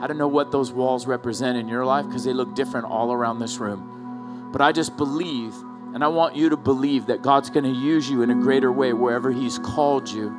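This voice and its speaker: A man's voice: medium pitch, brisk, loud music behind the voice. Conversational male pastor preaching. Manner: conversational, with rhetorical questions to the room. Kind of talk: sermon. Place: church hall.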